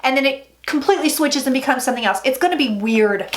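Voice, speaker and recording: High-voiced chatty psychic woman. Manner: chatty, dramatic, with sudden loud asides and drawn-out phrases. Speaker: psychic tarot reader. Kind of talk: casual tarot reading vlog.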